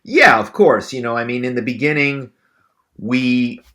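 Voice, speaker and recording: A middle-aged man, a former actor, telling stories as a podcast guest in an animated, conversational way. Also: mid-range voice, measured pace. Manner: animated storyteller, many fillers and restarts. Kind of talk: casual interview storytelling.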